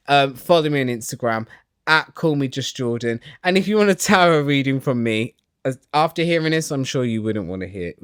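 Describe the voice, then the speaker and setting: A man ranting excitedly while recapping reality TV in a small home studio, swearing and dramatic. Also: medium pitch, no room sound.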